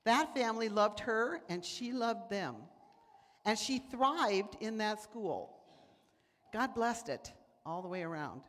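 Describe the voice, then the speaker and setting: Woman preacher, lively storytelling sermon, recorded in an echoing sanctuary. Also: mid-range voice, slow pace. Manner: animated, acts out voices in quotes. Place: church sanctuary. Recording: church hall reverb.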